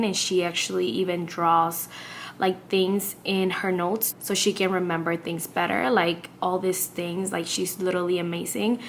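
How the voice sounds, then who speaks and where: A woman's voice: medium pitch, fairly bright tone, slight background noise. A young adult woman chatting casually and upbeat in a home vlog as a student, full of "like" and "literally". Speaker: student vlogger. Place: at home, indoors.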